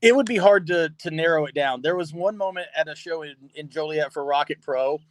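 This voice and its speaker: Animated man telling a story with a raised voice. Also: a little high, brisk, dry recording. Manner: animated, laughing, swearing freely. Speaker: podcast guest, pro wrestler. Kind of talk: casual storytelling. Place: podcast studio.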